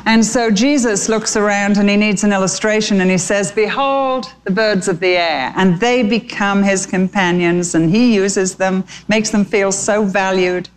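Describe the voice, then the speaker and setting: A woman's voice: medium pitch, slight background noise. A woman preaching by telling a story and appealing directly to her listeners. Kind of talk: storytelling sermon.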